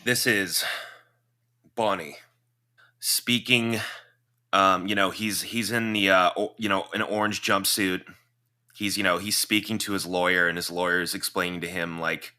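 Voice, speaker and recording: Male player, low bright voice, halting scene narration. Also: steady tone. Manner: hesitant, filler-heavy storytelling. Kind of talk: narrating a tabletop role-play scene.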